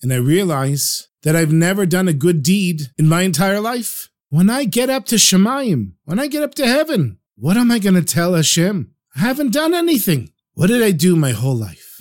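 A man's voice: fairly high pitch, lively intonation, moderate pace, hardly any pauses, darkish tone, close to an everyday voice. A man doing a tearful dying old water carrier. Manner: apologetic, weepy.

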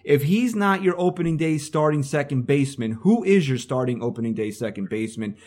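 A man's voice: fairly high pitch, lively intonation, brisk, darkish tone. North jersey guy hosting a podcast, asking stuff, laid back chat. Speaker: podcast host.

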